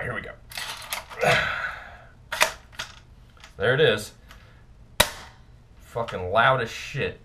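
Young male vlogger, irritated and profane, rambling delivery with a very animated pitch. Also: takes it slowly, pauses often, background noise. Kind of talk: casual ranting vlog.

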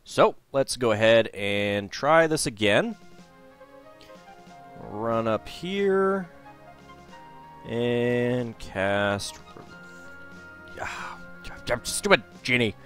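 A man's voice: medium pitch, expressive, drawn-out words, pauses often, fairly bright tone, faint music behind. A man hosting a let's play, thinking aloud and joking at his own expense as he plays through a game. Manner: chatty, thinking aloud, self-deprecating. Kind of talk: casual gameplay commentary.

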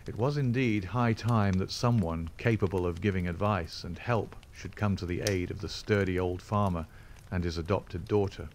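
A man's voice: low voice, normal speed, a little mellow, a little hiss or hum. Man narrating a classic novel. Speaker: audiobook reader.

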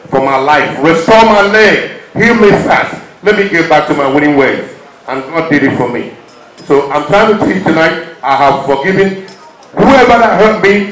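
A Nigerian man speaking from a stage with a fairly high voice. His delivery is impassioned, swinging between loud urging and hushed, emotional stretches. The sound rings around an echoey venue. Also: slight background noise. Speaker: performer speaking to an audience.

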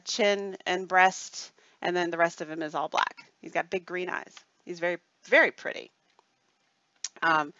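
A woman's voice: fairly low pitch, fairly bright tone, no echo. A woman hosting a live stream in casual chat, rambling and reading viewer comments, often checking in with "okay?". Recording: dull lo-fi dry sound.

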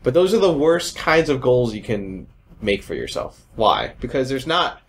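A man's voice: medium pitch, very animated, normal speed. A young man hosting a podcast in casual chat, joking and wandering off on tangents. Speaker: podcast host.

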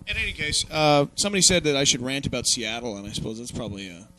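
A man's voice: mid-range voice, quick pace, soft background music. A young man hosting an online talk show, swearing and mocking as he rants about politics. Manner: swearing, mocking, animated ranting. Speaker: podcast host. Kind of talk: profane political rant.

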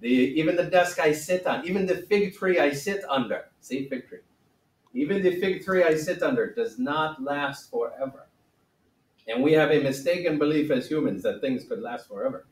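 A man's voice: a little high, echoey room, far from the mic, low-quality recording. A man doing a mock-solemn sage with a wobbly accent. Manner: wobbly put-on accent, theatrical, jokey. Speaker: teacher. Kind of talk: comic classroom role-play.

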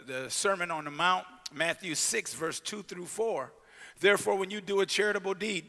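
A male pastor preaching a sermon, shouting out scripture and breaking into casual asides to his congregation. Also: high-pitched. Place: church sanctuary. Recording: long reverb of a church hall.

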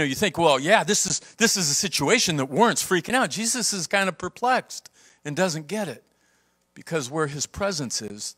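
Man preaching a sermon, fairly high voice, lively pitch, loud peaks and hushed lows. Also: breathy edge. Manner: animated preaching, swings from loud emphasis to hushed delivery. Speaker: pastor.

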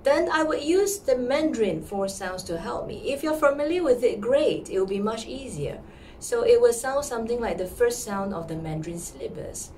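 A woman teaching pronunciation in a lesson, sounding out words slowly and repeating them with care. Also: a little high, animated, a little mellow, distant mic, slight background noise. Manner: slow, careful, repeats words. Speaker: music teacher.

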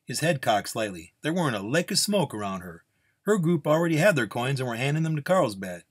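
A man reads a Western story aloud at an easy, unhurried pace. His voice sits at a middling pitch, with a plain storyteller's delivery. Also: very animated, slightly rough. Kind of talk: storytelling narration.

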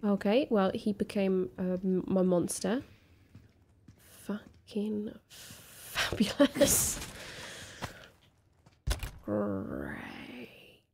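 A woman's voice: mid-range voice, animated, drawn-out words, gravelly, long pauses, a little mellow, slight background noise. A woman playing a horror game while commenting casually, jittery and swearing, repeating herself when scared. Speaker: let's play gamer.

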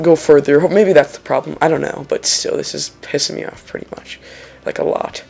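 A young man giving casual, excitable let's-play commentary over a racing game, swearing and exclaiming when he makes mistakes. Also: on the high side, a little fast, vocal fry, slightly rough, soft background music. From Lithuania. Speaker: gaming channel host.

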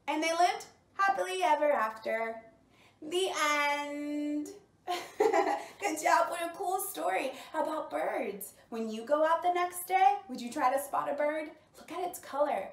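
A woman with a high, bright voice reads and plays with toddlers in a storytime lesson. She speaks slowly and warmly encourages them, exaggerating each word like a preschool teacher. She sounds a little far from the mic, and the room echoes. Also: expressive, vocal fry. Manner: slow, exaggerated, encouraging teacher talk to small children. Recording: roomy sound, mic at a distance.

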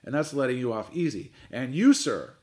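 A man voicing a gruff old sea captain who bellows orders and roars at everyone. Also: medium pitch, sing-song, moderate pace, darkish tone, lightly acted. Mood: blustering. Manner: roaring, barking orders.

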